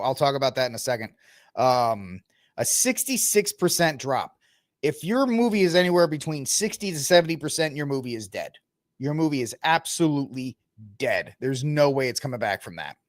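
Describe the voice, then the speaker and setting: A man's voice: a little high, lively intonation, normal speed, no echo, clean studio sound. A man hosting his own podcast, chatting casually and rambling through sports and movie talk while he looks things up. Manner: chatty, rambling, talks to the audience while browsing the web. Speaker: podcast host. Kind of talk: casual solo commentary.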